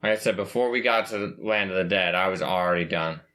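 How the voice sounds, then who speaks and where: A man's voice: deep voice, brisk, bright, forceful tone. A man co-hosting a podcast in casual chat, talking bluntly and dismissively. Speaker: podcast co-host.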